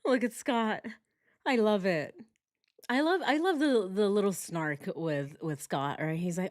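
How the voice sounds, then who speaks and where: Lively, laughing woman streamer. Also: mid-range voice, measured pace. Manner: animated, laughs often, sarcastic. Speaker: true crime livestream host. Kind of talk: casual livestream commentary.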